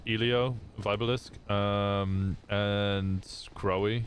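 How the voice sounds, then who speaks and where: A man with a fairly low voice chats loosely with friends on a role-play stream. He is nosy and cheerful, swears without a second thought, and lets his sentences trail off. A faint hiss sits underneath. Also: steady tone, takes it slowly. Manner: chatty and curious, swears casually, trails off mid-sentence. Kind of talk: casual out-of-character chat on a role-play stream.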